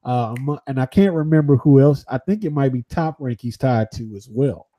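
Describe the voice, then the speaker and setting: A man giving his views as a boxing pundit in a casual livestream debate, halting and often restarting. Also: mid-range voice, mellow.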